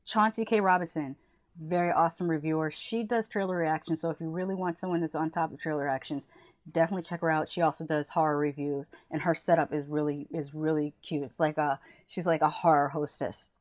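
A woman from the United States, a movie reviewer, chatting casually and enthusiastically while giving shout-outs to other channels. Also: deep voice, steady tone, fairly quick, dry recording, lo-fi sound.

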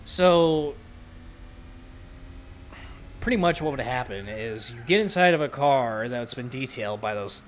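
Profane, ranting young gaming host. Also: male voice, medium pitch, a bit bright, slight background noise. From Southern US. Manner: profane, ranting, self-mocking. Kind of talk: casual let's-play commentary.

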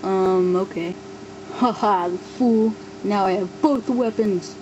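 Taking it slowly, a woman voices all the toy figures in her homemade war story, hopping playfully from character to character in kid-style play acting. She's an amateur stop-motion voice performer with a mid-range voice, heard through dull audio with background noise.

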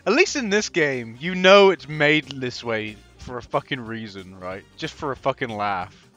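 A man giving excitable, foul-mouthed gameplay commentary as host of a gaming video. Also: mid-range voice, a little slow, highs cut off, soft background music. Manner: excitable, swears constantly, laughs often.

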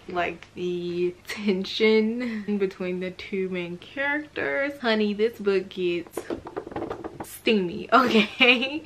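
Woman book vlogger, casual slangy chat, lively delivery, middle pitch. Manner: chatty, slangy and animated, with frequent laughs. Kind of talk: casual chatty book review.

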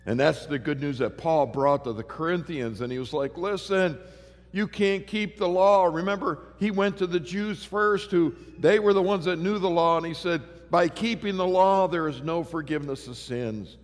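A man's voice: a little high, normal speed, hardly any pauses. A middle-aged man preaching a sermon, telling stories animatedly with many fillers and restarts. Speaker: pastor. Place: large church hall. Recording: long reverb of a church hall.

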